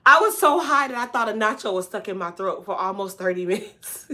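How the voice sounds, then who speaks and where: A woman vlogger in her hair salon, telling a funny personal story in a casual, animated way with lots of laughter. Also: mid-range voice, a little fast.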